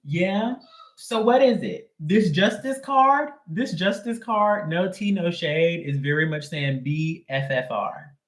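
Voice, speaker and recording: A man's voice: on the high side, lively intonation, takes it slowly, fairly bright tone, roomy sound. A man giving a casual live tarot reading in a sassy, slangy, emphatic way. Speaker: tarot reader.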